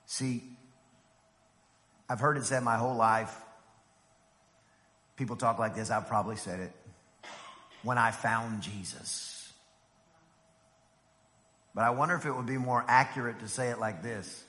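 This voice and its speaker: A male pastor delivers a sermon in a bright, forceful voice. He drops to near-whispers, then builds to loud, high-pitched peaks. The sound rings with the long reverb of a church hall. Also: steady tone, normal speed, pauses often. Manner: preaching with big swings from hushed to shouting.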